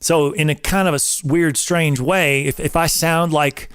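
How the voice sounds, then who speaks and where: A man's voice: on the high side, fairly even intonation, moderate pace, a bit bright, smooth, no echo, studio quality. A man in his forties, a personal trainer and show host, talking casually and preaching in an emphatic, repetitive way like a drill instructor. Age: 40s.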